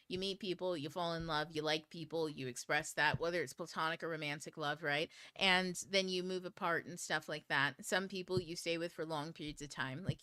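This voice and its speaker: A woman's voice: fairly low pitch, bright, forceful tone, no room sound. A woman hosting a book club stream, chatting casually in a blunt, profane way and laughing often. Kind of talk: casual livestream talk.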